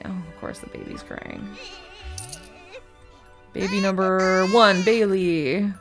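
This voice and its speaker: A woman's voice: mid-range voice, takes it slowly, pauses often. A woman casually commenting as she plays a life-simulation game, chatting to and scolding her game characters. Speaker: gaming video host. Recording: game music loud under voice. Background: game music and baby cries.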